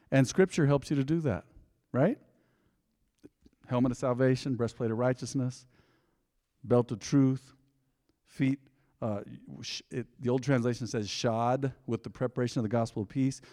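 A man's voice: medium pitch, normal speed, a little mellow. A male pastor leading a Bible study in a church, talking in a conversational, emphatic way. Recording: long hall reverb.

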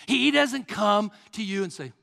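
Man in his sixties, pastor, sermon, bright gravelly voice, hushed to shouting, echoing hall. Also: high-pitched, lively intonation, moderate pace. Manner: dramatic swings from hushed to shouting. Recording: long hall reverb.

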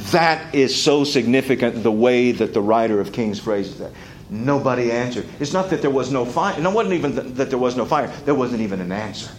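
A man's voice: mid-range voice, a little hiss or hum, poor audio. Man preaching an expository sermon. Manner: swings from quiet to loud, mocking quoted taunts.

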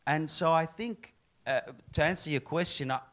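A man's voice: on the high side, moderate pace. A middle-aged man, an actor chatting in an interview, telling stories and acting out quoted lines. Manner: animated storyteller, acts out quoted lines, laughs often. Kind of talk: casual interview chat.

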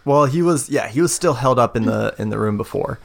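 Game master, male, gravelly, halting delivery full of fillers. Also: mid-range voice. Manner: hesitant, many fillers and restarts. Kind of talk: narrating a tabletop game.

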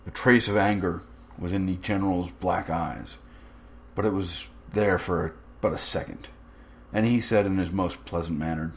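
A man reading a story aloud in a measured, even narrating manner. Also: sits low. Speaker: reader.

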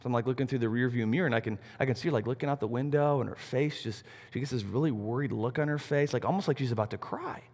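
A man preaching a sermon, animated, asking rhetorical questions and swinging between loud and soft. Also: mid-range voice, quick pace, few pauses. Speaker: pastor. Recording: long reverb of a large hall.

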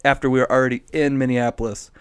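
A man's voice: mid-range voice, level tone, fast, clean tone, no echo. A man co-hosting a beer-tasting podcast, telling a rambling story and laughing often. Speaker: podcast co-host. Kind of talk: casual chat over beer tasting.

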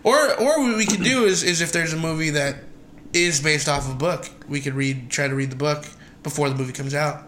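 A laid-back man co-hosting a casual podcast, leaning on fillers as he talks. His voice is high and bright, with a faint hiss of noise behind it. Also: fairly quick. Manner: laid-back, many fillers like "you know". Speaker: podcast co-host. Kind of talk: casual chat.

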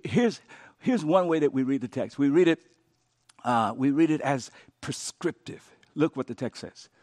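A male pastor preaching a sermon, swinging from loud emphatic peaks to hushed, intimate passages, and talking straight to listeners and coaxing them to repeat prayers after him. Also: on the high side, no echo, studio quality.

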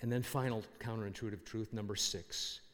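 A man's voice: fairly low pitch, fairly even intonation, brisk. A middle-aged man preaching a sermon, emphatic and fond of rhetorical questions. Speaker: pastor. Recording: long hall reverb.

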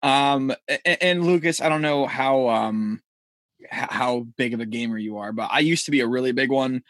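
A man's voice: medium pitch, moderate pace, fairly bright tone, no echo. A man from Connecticut co-hosting a casual podcast, rambling and joking, with casual swearing. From Connecticut, USA. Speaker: podcast co-host. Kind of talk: casual chat.

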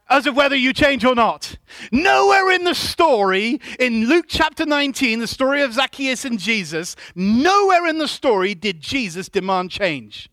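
A man preaching a sermon in a church, calling on the congregation to answer back and rising to loud emphatic shouts. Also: extremely high pitch, very animated, normal speed, dry recording. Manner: preaching with call-and-response to the congregation. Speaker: pastor.

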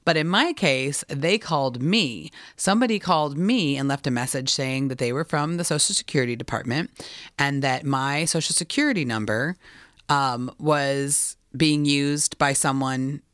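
A woman co-hosting a casual chat, telling a story in an animated way and acting out the other people's lines. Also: a bass voice, moderate pace, dry recording, clean studio sound. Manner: animated storyteller, acts out dialogue. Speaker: co-host.

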